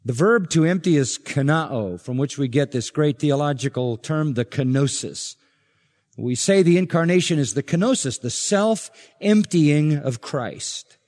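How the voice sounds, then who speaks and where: A man preaching an expository sermon as pastor, emphatic and building to forceful points. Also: fairly high pitch, expressive, unhurried. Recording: long reverb of a large hall.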